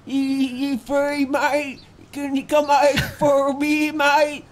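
A man with an Australian accent voicing a crude, foul-mouthed young bogan in a cartoon. He heckles his friend in a pushy, swearing way with a pitched-up nasal voice. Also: completely flat delivery, takes it slowly, a little hiss or hum. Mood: taunting.

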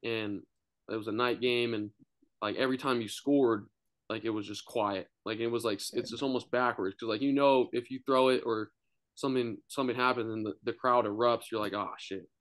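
A man's voice: mid-range voice, steady tone, fairly quick, no echo. A young man in his twenties, a podcast guest telling a loose, rambling story in casual chat, full of filler words. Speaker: guest, college quarterback.

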